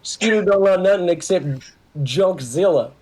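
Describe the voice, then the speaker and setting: A man's voice: high-pitched, expressive, normal speed, darkish tone, pitched above the performer's own voice. A man voicing a brash redneck mech pilot in a put-on Southern drawl, folksy and drawling.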